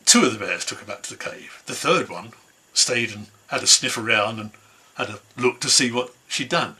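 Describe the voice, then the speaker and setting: Brief: male storyteller, bright, husky, relaxed folk-tale telling. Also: mid-range voice, moderate pace. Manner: easygoing, conversational telling. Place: home, online concert.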